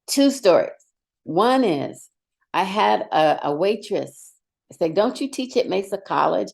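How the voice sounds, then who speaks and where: A middle-aged woman, a longtime educator, telling animated stories in a direct, emphatic way as a podcast guest. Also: mid-range voice, measured pace, creaky. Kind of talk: storytelling in conversation.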